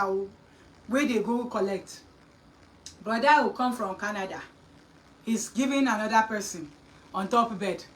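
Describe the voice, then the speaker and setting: A woman host with a Nigerian accent telling a story in a lively, scolding chat, slipping into Pidgin and Yoruba. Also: on the high side, distant mic, low-quality recording. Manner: animated, mixing Pidgin and Yoruba, scolding asides.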